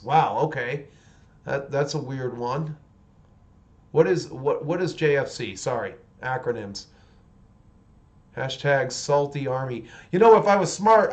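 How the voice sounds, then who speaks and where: While painting miniatures, this forties-aged man keeps up a loose livestream chat at medium pitch, often starting his sentences over as he rambles.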